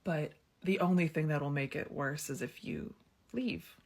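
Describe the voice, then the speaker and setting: A woman in her thirties with a low, slightly mellow voice speaks unhurriedly. As a storytelling vlogger, she shares a candid personal story in a chatty, frank way, sprinkling in plenty of fillers like "like" and "um."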